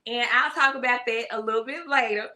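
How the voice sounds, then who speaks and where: A woman hosting a live-streamed music interview show, talking with excitement straight to her chat and her guest. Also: on the high side, brisk. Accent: regional American. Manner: hyped, talks straight to her chat audience.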